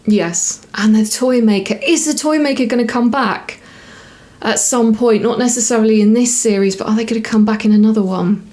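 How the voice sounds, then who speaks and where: A woman's voice: fairly high pitch, moderate pace, a little mellow. Chatty woman reviewing a TV episode. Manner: chatty, rambling with fillers and self-corrections. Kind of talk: casual review to camera.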